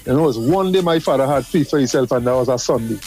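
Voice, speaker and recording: Caller, middle-aged man, casual animated storyteller, plain mid-pitched voice, faint music under it. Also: quick pace. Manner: animated, repeats words, laughs while telling.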